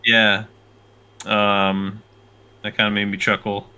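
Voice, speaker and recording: A man co-hosting a TV reaction show, talking in a halting way with many fillers and frequent laughter. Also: on the low side, monotone, sharp tone, smooth. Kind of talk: casual chat, reaction commentary.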